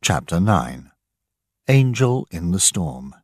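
Deep, slow storybook narrator man. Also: no room sound, studio quality. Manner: slow, expressive reading. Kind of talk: scripted storybook narration for learners.

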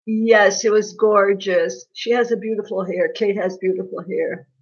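A woman's voice: medium pitch, fairly even intonation, normal speed. Gossipy woman on a lo-fi livestream. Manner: gossipy, laughing, reads viewer comments aloud. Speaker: livestream host. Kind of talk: casual livestream chat. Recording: dull lo-fi livestream audio.

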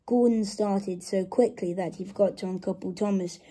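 A woman reading a children's story aloud in a slow, gentle storybook manner. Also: medium pitch, fairly even intonation, husky.

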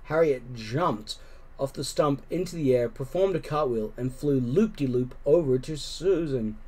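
A man narrates a children's book aloud in a gentle, expressive read-along style. His voice sits at an ordinary pitch with a mellow, warm tone. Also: measured pace. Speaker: storybook reader.

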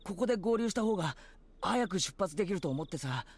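A man's voice: sits high, creaky, full character voice. A man voicing a brash, hot-headed teenage schoolboy in an anime-style game. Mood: tense. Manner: rapid, lively and brash. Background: game music.

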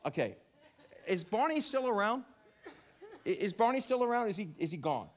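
High-voiced animated preaching man. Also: normal speed. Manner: animated, rising to emphatic peaks, rhetorical questions. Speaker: pastor. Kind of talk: sermon. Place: church sanctuary.

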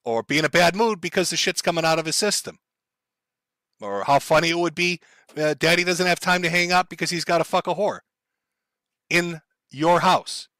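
A man commenting on a live stream in a blunt, profane, lecturing way. His voice sits a touch high with a sharp, forceful brightness. The sound is dry and close. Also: normal speed, no echo.

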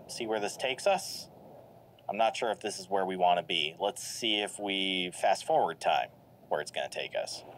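A man giving lively, jokey commentary while playing a video game, reacting aloud and laughing often. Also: medium pitch. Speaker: gameplay commentator. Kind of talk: let's play commentary. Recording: game music playing behind. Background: game music.

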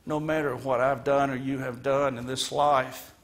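A man's voice: mid-range voice, little pitch movement, moderate pace. A man delivering a sermon as guest minister in a church, earnest and emphatic, retelling a story dramatically. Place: church sanctuary.

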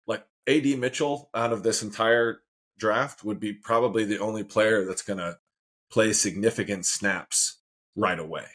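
A man's voice: on the low side, fairly even intonation, normal speed, fairly bright tone, slightly rough. A man co-hosting a casual sports chat, laid-back, laughing often and saying "man" a lot. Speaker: co-host.

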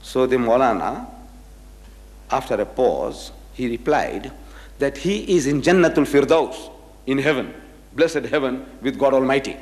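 A man's voice: mid-range voice, big pitch swings, measured pace, a little mellow, big-room sound. An older man giving a religious lecture to an audience, telling anecdotes and acting out the voices of the people in them. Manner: storytelling, acting out quoted voices.

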